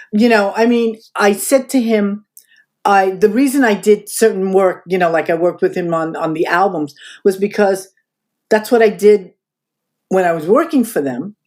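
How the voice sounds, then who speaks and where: A woman in her seventies from the United States, a guest in an interview, telling a story and acting out the dialogue she quotes. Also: fairly low pitch. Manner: animated storyteller who acts out quoted dialogue.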